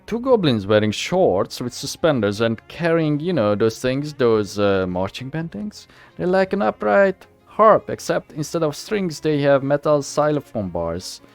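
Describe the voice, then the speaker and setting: A man's voice: on the high side, very animated, unhurried, few pauses, faint music behind. A man casually narrating a game he is playing, rambling and self-deprecating. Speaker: gamer reading and playing.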